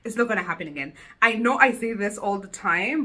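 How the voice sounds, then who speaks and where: A woman chatting casually to camera in a solo vlog, giggly and animated, seated indoors at home and picked up by the camera mic. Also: fairly high pitch, a little fast, hardly any pauses. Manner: giggly, animated, self-teasing. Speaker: vlogger. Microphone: camera mic, no lapel.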